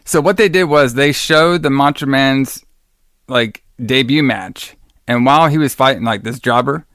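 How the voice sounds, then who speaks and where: A man's voice: medium pitch, normal speed, a bit bright, clean tone, no room sound, studio quality. A man co-hosting a casual podcast, rambling with lots of fillers and enthusiastic about old wrestling shows. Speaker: podcast co-host.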